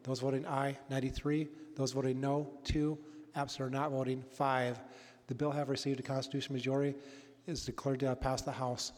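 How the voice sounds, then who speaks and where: A man presiding over a state legislative floor session, calling motions and votes in a steady, rote manner. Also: mid-range voice, brisk. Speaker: presiding speaker of a state house. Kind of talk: formal procedural chairing. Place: legislative chamber. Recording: echoey hall from a chamber mic.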